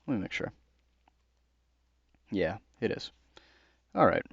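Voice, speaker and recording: A man's voice: fairly low pitch, big pitch swings, takes it slowly, gravelly, slightly rough, no room sound. A young American man in casual, earnest commentary on a book, talking conversationally with fillers. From United States. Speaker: host. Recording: dull dry lo-fi recording.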